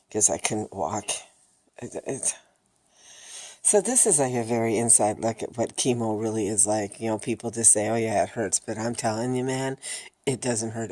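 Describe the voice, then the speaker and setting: A woman's voice: rumbling low, a little mellow. A woman vlogger talking candidly and emotionally, blunt and swearing freely, worn out and exhausted. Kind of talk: candid personal vlog.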